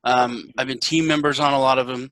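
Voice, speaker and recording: A man hosting a casual podcast chat, telling lively stories, acting out the people he quotes and swearing freely. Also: mid-range voice, brisk, no room sound, poor audio. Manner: animated storyteller, acts out quotes, swears freely. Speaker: podcast host.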